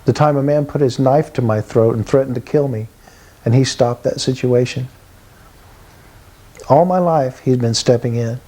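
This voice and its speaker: A man's voice: mid-range voice, moderate pace, pauses often, warm tone, poor audio. A man in his sixties from Texas giving an earnest, vivid spoken testimony about his life. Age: 60s. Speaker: testimony speaker.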